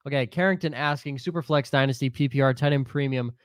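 A man's voice: mid-range voice, quick pace, no room sound, clean studio sound. A man with a stuffy, congested voice co-hosting a sports podcast, blunt and profane as he reads out listener questions. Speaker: podcast co-host.

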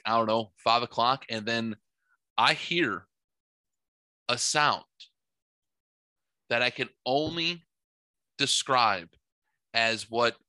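A man telling a long story in a casual, profane and animated way, acting out his own reactions loudly. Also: mid-range voice, no echo. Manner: animated, profane, theatrical retelling.

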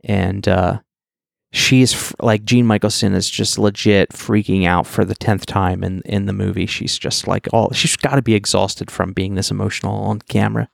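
A man's voice: lowish voice, fairly even intonation, moderate pace, vocal fry, no room sound, studio quality. Rambling wry man recapping a movie. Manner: rambling, many fillers and restarts, wry. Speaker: podcast co-host. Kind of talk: casual movie recap chat.

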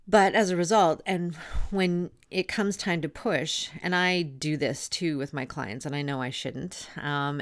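Low gravelly woman telling a story. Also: no room sound, clean studio sound. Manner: candid, chatty, blunt, with fillers and asides. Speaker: podcast host and doula. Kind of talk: casual personal storytelling.

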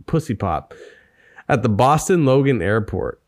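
A man co-hosting a casual chat podcast, swearing freely and joking around. His voice sits at an ordinary pitch. It is recorded close and dry, with little room sound. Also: big pitch swings, a little slow, no room sound. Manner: profane, joking banter. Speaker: podcast co-host.

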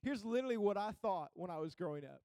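High-voiced young male pastor preaching. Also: lively intonation, quick pace, dark tone, clear, resonant tone, dry recording, clean studio sound. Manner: conversational preaching with rising emphatic peaks. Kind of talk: sermon.

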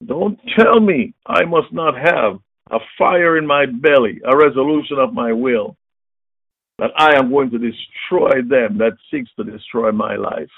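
An older man preaching a fiery sermon, booming and emphatic, calling out questions and answering them himself. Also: a little slow, gravelly, no echo. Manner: booming, emphatic, call-and-response. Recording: tinny phone-like sound.

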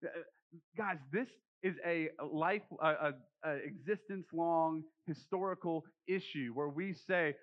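A man's voice: on the high side, measured pace. A young man preaching a sermon as pastor, conversational and joking, slipping into quoted voices as he retells a scripture scene. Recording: muffled lo-fi sound.

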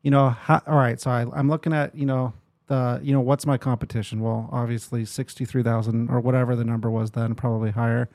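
A realtor man talks business on a podcast in a loose, rambling way, stacking fillers and restarts. His pitch sits mid-range. The recording is dry and close. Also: flat delivery, quick pace, darkish tone, dry recording. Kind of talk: casual podcast chat.

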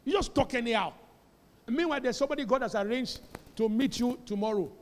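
A man with a Nigerian accent preaching a sermon as pastor, firing questions at the congregation and rising at times to shouts. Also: very high voice, fast. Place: church sanctuary. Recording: church hall reverb.

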